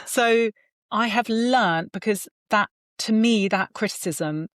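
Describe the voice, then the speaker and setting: A woman's voice: medium pitch, takes it slowly, fairly bright tone, no echo. Self-mocking woman, dry-sounding recording. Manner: candid, self-mocking storytelling with quoted voices. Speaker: guest. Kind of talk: casual podcast conversation.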